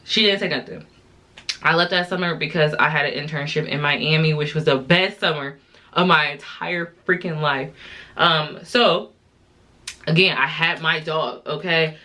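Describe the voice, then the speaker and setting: A woman's voice: low voice, normal speed, pushed and bright. Tipsy woman in her twenties telling a story. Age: 20s. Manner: chatty, exasperated, slangy storytelling to viewers. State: tipsy from drinking. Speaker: vlogger. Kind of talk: casual storytime while doing makeup.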